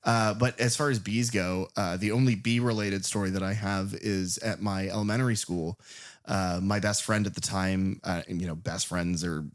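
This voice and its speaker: A man's voice: low-pitched, fairly even intonation, moderate pace. A man co-hosting a film podcast, chatting casually and telling rambling, enthusiastic stories. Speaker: podcast co-host.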